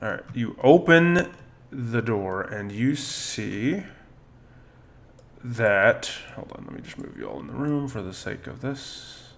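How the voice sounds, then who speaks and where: A man narrating as dungeon master of a tabletop game, unhurried and peppered with ums and uhs as he describes each scene. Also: mid-range voice, expressive, creaky, fairly bright tone.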